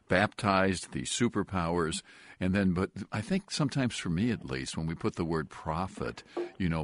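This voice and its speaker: A male radio host with a low voice and a dry, close studio sound. He reads phone numbers and sponsor notes briskly, then slows into reflective questions for his guest. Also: no room sound. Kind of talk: radio talk show hosting.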